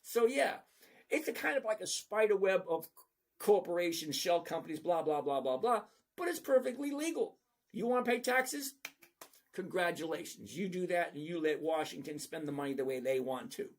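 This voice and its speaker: A middle-aged man with a high, gravelly voice walks through stock charts in a blunt, sarcastic way. He talks straight to his viewers by name. His tone is casual and unfiltered. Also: expressive, normal speed. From lives in Florida. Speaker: trading channel host. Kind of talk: casual stock commentary over a screen share.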